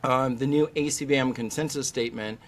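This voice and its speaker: A man's voice: mid-range voice, brisk. A middle-aged man, a veterinary specialist, talking as a guest on a podcast and acting out the voices of people he quotes. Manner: animated storyteller, acts out quoted voices. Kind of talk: podcast interview.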